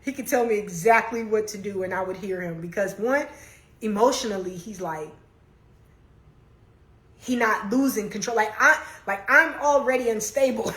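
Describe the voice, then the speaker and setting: A woman's voice: mid-range voice, normal speed, a bit bright, reverberant. A young woman hosting a casual livestream, talking candidly and laughing often as she answers comments. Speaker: livestream host. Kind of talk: casual chat, reading comments. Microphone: phone.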